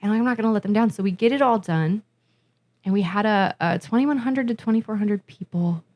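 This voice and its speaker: A woman's voice: mid-range voice, brisk. A woman from Massachusetts, a musician and festival organizer, tells her stories on a podcast with a lot of feeling. She talks in an ordinary middle register and acts out what others said. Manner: animated, emotional storyteller, acts out quotes. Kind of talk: casual podcast chat, storytelling.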